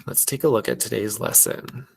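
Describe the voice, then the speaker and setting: A man's voice: on the low side, sing-song, creaky, a little mellow, husky. A man with a Minnesotan accent, teaching fourth graders an online class and patiently sounding out words. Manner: slow, patient, sounding out phonics.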